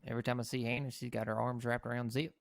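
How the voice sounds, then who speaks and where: A man's voice: medium pitch, level tone, very fast, gravelly, dry recording. A man chatting in character in a western roleplay game, easygoing and jokey. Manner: easygoing, jokey, often confused by names. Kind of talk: in-character casual chat.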